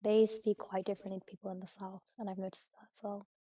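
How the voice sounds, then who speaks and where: A woman with a mellow, dark tone chats casually as a stream guest. She speaks in an even, flat melody and keeps a relaxed, agreeable manner. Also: medium pitch, quick pace, slightly rough. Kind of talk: casual chat.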